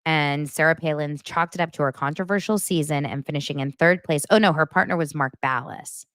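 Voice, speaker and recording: Chatty low-voiced woman gossip host. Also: brisk, no room sound, clean studio sound. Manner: chatty, animated, jumps between stories with asides. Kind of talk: casual celebrity gossip chat.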